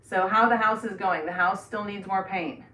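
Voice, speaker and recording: A woman's voice: medium pitch, moderate pace, bright, forceful tone. Chatty middle-aged woman, echoey room. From Florida. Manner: chatty, rambling, laughs often. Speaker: livestream host. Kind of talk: casual live chat. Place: indoors in a bathroom. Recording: echoey room, voice from some distance.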